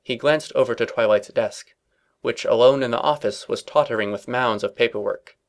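A man's voice: medium pitch, normal speed. Man narrating with dry mock seriousness. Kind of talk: reading comedic fan fiction aloud.

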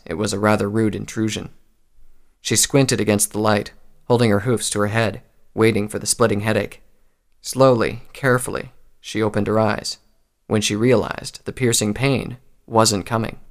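A man reading a story aloud in a calm, measured narration. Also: on the low side.

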